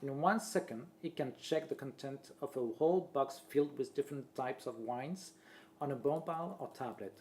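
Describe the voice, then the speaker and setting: A man, a presenter reading a marketing talk aloud in a steady voice and listing points one after another. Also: mid-range voice, normal speed, slight background noise. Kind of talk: read-aloud presentation voice-over.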